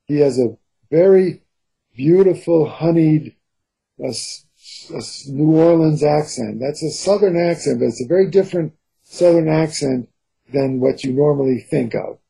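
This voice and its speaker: Gravelly, raspy-voiced man in an interview. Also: a little high, a little slow, mellow, poor audio. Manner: earnest and descriptive. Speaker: novelist and co-author. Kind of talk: interview conversation.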